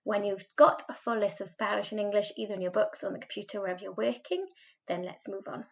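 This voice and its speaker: A woman with a Welsh accent leads a recorded school Spanish lesson from home, sounding out each phrase slowly and patiently so pupils can repeat it. Her pitch sits in an ordinary middle range. The recording is slightly dull and lo-fi. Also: gravelly. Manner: patient, modelling words slowly for repetition. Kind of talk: recorded remote language lesson.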